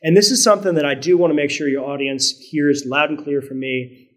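A man's voice: on the high side, steady tone, a little fast, a bit bright. A middle-aged man from Virginia with a mostly standard American accent and a faint Southern trace, talking earnestly and reflectively as a podcast guest, often restarting and adding "right?". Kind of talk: conversational podcast interview.

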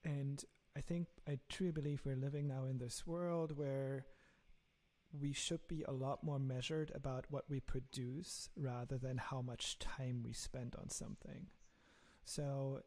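A man's voice: mid-range voice, steady tone, measured pace, darkish tone. A man with a German accent, a startup founder talking earnestly in an interview, often repeating words as he thinks. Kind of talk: casual interview talk.

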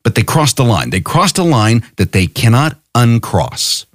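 A man's voice: medium pitch, sing-song, measured pace, no room sound, studio quality. An angry man hosting a podcast, delivering an impassioned, profane political monologue full of rhetorical questions. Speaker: podcast host.

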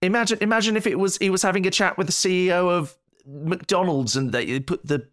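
A man's voice: high-pitched, a little fast, a bit bright, no room sound, studio quality. Stammering producer man. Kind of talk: comic chat.

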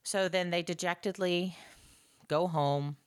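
A woman chatting casually about an old movie, sarcastic and animated, acting out the characters in lively voices. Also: on the low side, unhurried, smooth. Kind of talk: casual movie recap chat.

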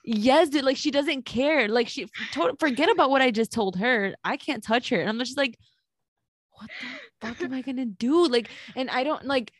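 A woman's voice: high voice, normal speed, hardly any pauses, dry recording. A young woman co-hosting a podcast in casual chat, candid and laughing, swearing freely and slipping into Spanish phrases. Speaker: podcast co-host.

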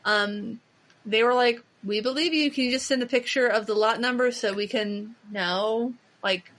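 A woman's voice: on the high side, moderate pace, fairly bright tone. A woman co-hosting a podcast in casual chat, rambling with frequent restarts and fillers. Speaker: podcast co-host.

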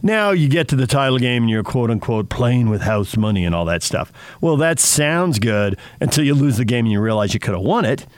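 Man, sports radio host, opinionated, animated, dry close sound. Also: medium pitch, a little fast, few pauses, no echo. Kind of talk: casual sports radio chat.

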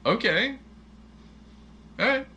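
A man in casual chat about a movie, animated and jokey, firing off quick questions. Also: very high-pitched, lo-fi sound, a little hiss or hum.

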